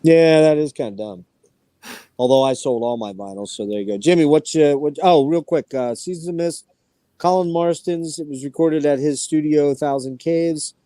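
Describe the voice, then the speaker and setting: Animated storytelling man, dry close sound. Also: fairly high pitch, normal speed, no echo. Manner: animated storytelling, swears freely. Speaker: podcast host. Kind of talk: casual chat.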